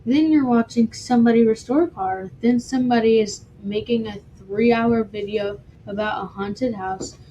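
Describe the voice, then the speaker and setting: Mellow-voiced woman hosting a heartfelt podcast. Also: a little high, moderate pace, hardly any pauses, slight background noise, poor audio. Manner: heartfelt, self-described dramatic. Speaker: podcast host. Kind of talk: solo podcast monologue.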